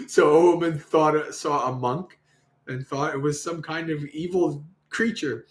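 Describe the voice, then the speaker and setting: A man whose voice is a little high, with fairly even intonation and a slightly slow delivery, reads a Buddhist sutta on a livestream. Casual remarks, frequent laughter, and acted-out quotes fill the session, which has a roomy echo.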